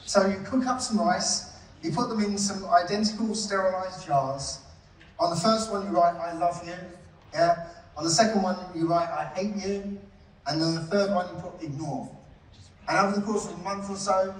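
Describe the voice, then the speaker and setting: A man's voice: high-pitched, normal speed, far from the mic, a little hiss or hum. Man presenting in an echoey hall. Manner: chatty, checks in with "yeah?" and "right?". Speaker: conference presenter. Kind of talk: live presentation to an audience. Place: conference hall.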